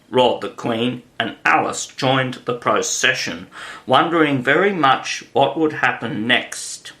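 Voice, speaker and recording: A male audiobook narrator reading a classic tale in a slow, unhurried cadence. His tone is bright and forward, and his delivery is measured and clear. The pitch sits at an average height for a man. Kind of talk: scripted storybook narration.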